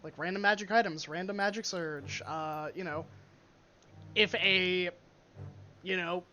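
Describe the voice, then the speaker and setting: A woman's voice: fairly low pitch, steady tone, measured pace, pushed and bright, soft background music. A woman running a tabletop game as game master, narrating the scene and teasing her players with frequent laughter. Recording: dull lo-fi stream audio.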